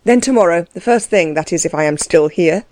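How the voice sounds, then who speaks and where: A woman's voice: on the low side, expressive, fairly quick, darkish tone, no room sound, natural voice. A woman voicing a proud, indignant prisoner. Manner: earnest and indignant. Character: anxious imprisoned nobleman, proud and indignant.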